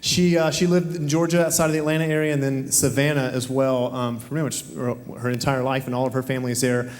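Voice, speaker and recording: A man's voice: medium pitch, little pitch movement, fast. A man from Alabama with a Southern accent, chatting onstage in a church interview as the new campus pastor, friendly with many fillers. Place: church sanctuary. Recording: long hall reverb.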